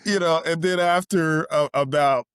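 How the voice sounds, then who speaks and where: A man in his forties, a podcast guest, telling animated stories in casual chat and acting out the quotes of other people. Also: fairly high pitch, moderate pace, smooth, no echo, clean studio sound. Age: 40s. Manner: animated storyteller, acts out quotes, laughs while talking.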